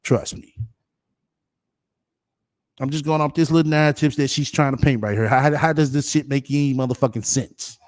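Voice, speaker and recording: A man's voice: medium pitch, steady tone, normal speed, long pauses, darkish tone, no echo, clean studio sound. A man commenting in an indignant, profane way, often stumbling over repeated words. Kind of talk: casual commentary.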